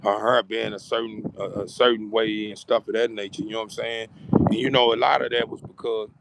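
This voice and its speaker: A man's voice: fairly low pitch, flat delivery, fairly quick, vocal fry, very noisy. A man, giving a casual, rambling motivational talk to his audience and often asking if they follow him. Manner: rambling, repeats words and keeps asking "you know what I'm saying". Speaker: vlogger addressing his channel's audience.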